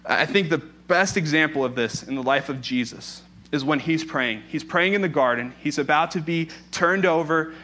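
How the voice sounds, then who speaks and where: A man's voice: fairly high pitch, normal speed, hardly any pauses, bright, forceful tone. A young adult man, a pastor, preaching a sermon in a conversational way, telling stories with playful asides.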